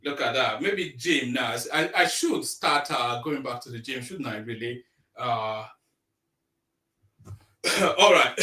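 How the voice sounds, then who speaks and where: A man's voice: medium pitch, animated, moderate pace, sharp tone. A man hosting a live stream, reading news aloud and breaking off into rambling, blunt, mocking asides. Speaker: live-stream commentary host. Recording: echoey room, voice a bit far from mic.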